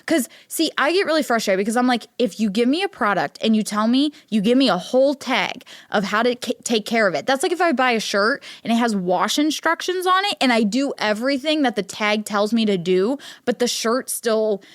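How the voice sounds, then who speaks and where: A young woman from Ohio hosting a casual solo podcast, talking in a chatty, animated way, full of "like" and acting out quotes in a higher voice. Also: a little fast, few pauses, no room sound, clean studio sound. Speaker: podcast host.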